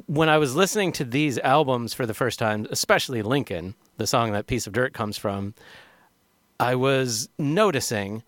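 A man with an ordinary middle-pitched voice hosts a music show, talking between songs. He speaks in a thoughtful, reflective way, pausing on ums and restarting his sentences. The recording is dry and close, with no room sound. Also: animated, fairly bright tone, dry recording. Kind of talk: casual spoken commentary between songs.

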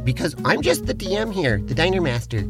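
A man's voice: high-pitched, big pitch swings, brisk, over loud music. A man co-hosting a comedy podcast, narrating an improvised role-play in a playful, theatrical way.

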